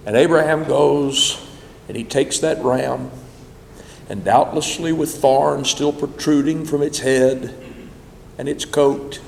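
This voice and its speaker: A man's voice: mid-range voice, fairly even intonation, takes it slowly, vocal fry, a little mellow, a little hiss or hum. A man preaching a sermon, telling a story dramatically with swelling emphasis. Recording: echoey hall.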